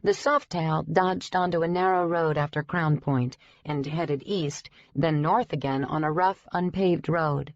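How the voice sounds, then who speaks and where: A woman reading a first-person audiobook in a steady, even storytelling delivery. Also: low voice, measured pace, hardly any pauses. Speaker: audiobook narrator. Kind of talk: scripted first-person narration. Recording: dry, slightly dull recording.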